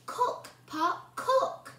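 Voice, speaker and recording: A woman voicing a kind young girl in a storybook reading, calling out clearly. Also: drawn-out words, bright, forceful tone, roomy sound, distant mic. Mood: chanting.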